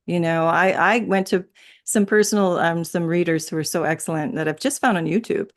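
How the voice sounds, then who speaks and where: Interview guest, woman, somewhat low pitch, loose rambling delivery with frequent laughs. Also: fairly quick. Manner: rambling, laughs often, many restarts. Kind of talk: casual spiritual chat.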